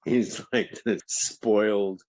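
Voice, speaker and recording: An older man, an actor, telling stories from his career in an interview, animated and laughing often. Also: on the low side, slow pace, no echo. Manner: animated, laughing, restarts sentences. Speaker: actor guest. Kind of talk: interview storytelling.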